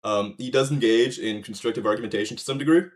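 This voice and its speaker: A man's voice: medium pitch, quick pace. Profane rambling male streamer. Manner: rambling, profane, frequent fillers and restarts. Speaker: streamer reacting to a video. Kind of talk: casual livestream commentary.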